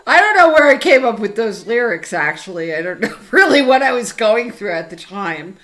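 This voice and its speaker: A woman's voice: on the high side, big pitch swings, normal speed, a bit bright. A woman who is a punk singer, chatting casually, bluntly and with lots of laughter and swearing. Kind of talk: casual chat.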